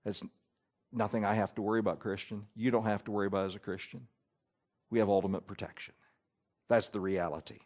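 A man preaching a sermon, reading scripture and explaining it with animated emphasis. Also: lowish voice, a little fast, pauses often. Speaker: pastor.

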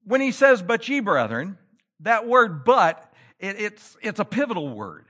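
Animated preaching man, lively pitch. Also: unhurried. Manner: animated preaching, rising to loud emphatic peaks. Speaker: pastor. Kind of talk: sermon. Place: church.

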